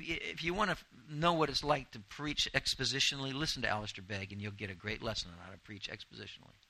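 A male pastor preaching with a very bright, forceful voice. He reads scripture slowly and deliberately, then pleads earnestly, climbing into emphatic, pointed bursts. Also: a little high, no echo, rough recording. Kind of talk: expository sermon.

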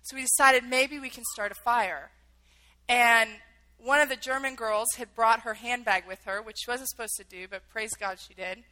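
A woman's voice: a little high, steady tone, normal speed, bright, forceful tone, rough recording. A woman telling a personal story in a vivid, emotional way, acting out the quotes.

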